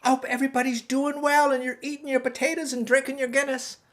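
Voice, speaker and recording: A woman's voice: high voice, fairly even intonation, fast talker, natural voice. A woman playing a chatty middle-aged Irish pig farmer in a stage Irish accent, telling a rambling comic story. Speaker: guest host. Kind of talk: comic monologue in character.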